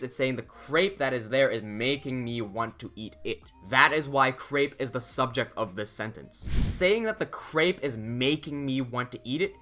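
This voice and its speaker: A man narrating a scripted language lesson, speaking in a measured, deliberate way and stressing key words, with faint music behind. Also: medium pitch, sharp tone. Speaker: language teacher.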